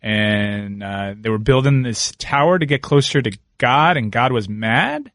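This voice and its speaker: A man's voice: mid-range voice, animated, measured pace, a bit bright, dry recording. A man hosting a radio show, musing and playful in casual banter. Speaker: radio host.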